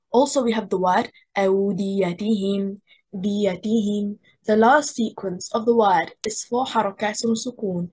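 Breathy woman teaching Quranic stress. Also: mid-range voice, steady tone, moderate pace, a little mellow, rough recording. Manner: methodical, repeats contrasting word examples. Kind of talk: lecture on Quranic stress rules.

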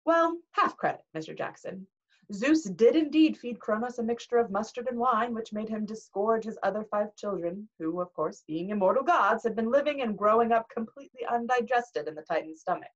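A woman doing a stern, slow-spoken male teacher. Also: on the high side, lively intonation, voice pushed up. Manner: slow, measured, formal. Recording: dull lo-fi recording.

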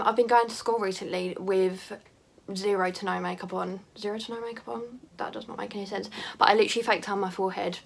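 A teenage girl with a medium-pitched, gravelly, slightly rough voice chats through her makeup routine as a beauty vlogger. She's casual and self-mocking, drifting into rambling asides.

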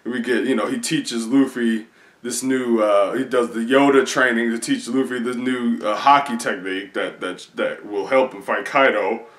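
A man chatting casually as a video creator, rambling excitedly through a recap with many fillers. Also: mid-range voice, moderate pace. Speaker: video creator reacting to comics. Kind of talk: casual chat. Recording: roomy echo.

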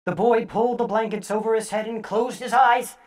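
A woman storyteller reading scary stories aloud theatrically, dropping to hushes and bursting out loud. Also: a little high, steady tone, a little fast.

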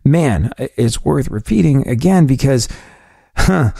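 A man hosting a radio-style talk show, telling long family anecdotes in a casual, animated way. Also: a little slow, creaky, husky, dry recording, clean studio sound. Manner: animated anecdote-telling, quotes his dad in a lower voice. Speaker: host. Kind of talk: casual storytelling chat.

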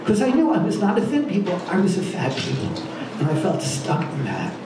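A man telling a personal story with animated, self-deprecating delivery, acting out the scenes. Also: high-pitched, a little fast, distant mic. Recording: echoey room with clear background noise.

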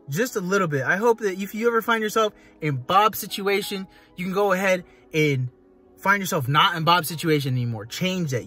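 A man's voice: high-pitched, a bit bright. A young man hosting an advice video, reading a post aloud and answering it with a fired-up motivational pep talk, calling the listener brother and man. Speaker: host. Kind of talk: reading and reacting to a forum post.

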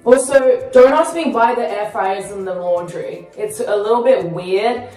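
A woman's voice: mid-range voice, a little slow, dark tone. A young woman vlogging casually at home, bubbly and chatty with playful asides. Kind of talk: casual vlog talk to camera. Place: at home, small rooms. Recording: echoey home room with music.

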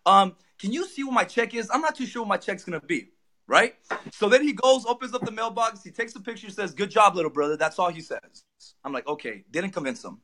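A young man telling a personal story as a guest, excitedly acting out what people said. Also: high voice, brisk. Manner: excited, acts out quoted lines. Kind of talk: animated storytelling.

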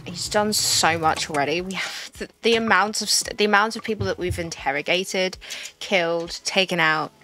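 A woman's voice: lowish voice, moderate pace, sharp tone. A woman giving casual, chatty commentary as she plays a video game, reading objectives aloud and laughing at what happens. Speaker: gaming video host.

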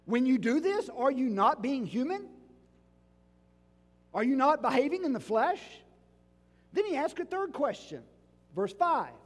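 In this sermon, a pastor whose voice is unusually high and animated speaks at a measured, deliberate pace, challenging his flock with one rhetorical question after another. The sanctuary gives his words a long, ringing reverb.

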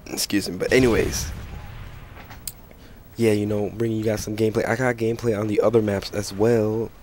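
A young man with a sick, hoarse voice, ranting and swearing through casual gameplay commentary. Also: fairly low pitch, flat delivery, normal speed, a little mellow, a little hiss or hum. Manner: profane, ranting, frustrated. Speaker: gaming channel host.

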